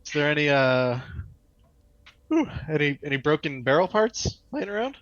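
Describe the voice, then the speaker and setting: A man playing a tabletop game, making playful, breathy asides about his character. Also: on the high side, sing-song, moderate pace, fairly bright tone, dry recording, highs cut off. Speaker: player. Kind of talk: casual chat.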